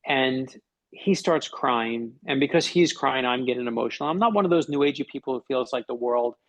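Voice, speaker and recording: Gravelly middle-aged man telling a story. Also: mid-range voice, a little fast, low-quality recording. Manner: animated storyteller acting out quoted dialogue. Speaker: podcast guest, author. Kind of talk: storytelling in conversation.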